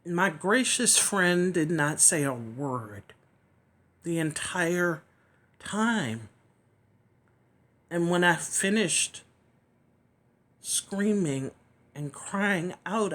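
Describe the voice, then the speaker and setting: An earnest woman speaks slowly, sharing a personal testimony in a fairly low voice. She pauses often and sometimes sinks into a near whisper. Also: expressive, a bit bright. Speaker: chronic illness vlogger. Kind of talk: personal testimony, reflective and emotional.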